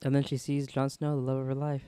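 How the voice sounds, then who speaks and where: A man's voice: medium pitch, completely flat delivery, fast, mellow, smooth, dry recording. A young man co-hosting a casual podcast, teasing his friends with crude wisecracks. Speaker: podcast co-host. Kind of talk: casual chat.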